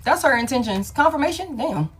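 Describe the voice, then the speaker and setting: A woman's voice: high-pitched, lively intonation, fairly quick. Emphatic, repetitive woman reading tarot live. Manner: emphatic and repetitive, casual with swearing. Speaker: tarot reader.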